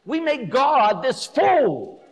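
Lively, blunt joking priest preaching. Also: male voice, very high-pitched, extremely slow, breathy edge, soft background music. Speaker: Catholic priest. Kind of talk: sermon. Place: church. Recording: echoey church hall.

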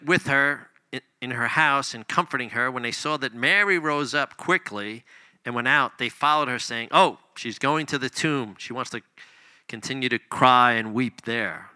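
A man preaching a sermon, reading scripture and explaining it conversationally, swinging between loud emphasis and hushed near-whispers. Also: medium pitch, clean tone, no echo. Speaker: pastor.

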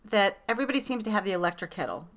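A woman's voice: mid-range voice, lively intonation, rapid-fire, fairly bright tone, no echo. A woman hosting a podcast, chatting casually and rambling with lots of fillers. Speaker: podcast host. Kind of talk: casual chat.

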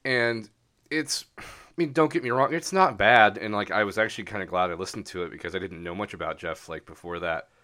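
A man's voice: fairly low pitch, a little fast, sharp tone. A man co-hosting a podcast, rambling through casual political chat with lots of fillers and frequent laughs. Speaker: podcast co-host.

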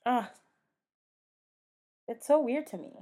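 A woman with a Southern US accent co-hosting a casual chat podcast, laughing often and acting out quick asides. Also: on the high side. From American South. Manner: laughs often, animated, drifts into voiced asides. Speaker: podcast co-host.

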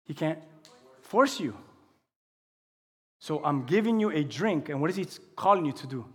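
A male pastor preaching a sermon in a church, asking the congregation questions and swinging between quiet teaching and loud, impassioned passages. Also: fairly high pitch, animated, moderate pace, slightly rough. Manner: asks the congregation call-and-response questions. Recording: long hall reverb.

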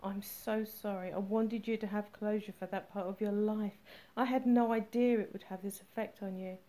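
A woman's voice: medium pitch, fairly even intonation, normal speed, warm tone, natural voice. A woman reading the part of a remorseful young woman pleading with her partner. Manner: pleading, apologetic. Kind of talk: audiobook character reading.

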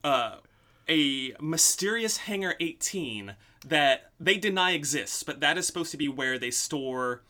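Podcast host, male, bright, a little high, meandering storyteller with frequent fillers. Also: lively intonation, a little slow. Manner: rambling storyteller with many ums. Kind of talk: casual podcast chat.

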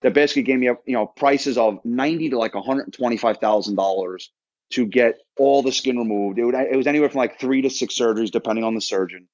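A man's voice: medium pitch, fast, darkish tone, no echo, lo-fi sound. A man in his thirties from Florida, a podcast guest telling his story in a casual, rambling way full of restarts and quoted dialogue. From Florida, United States.

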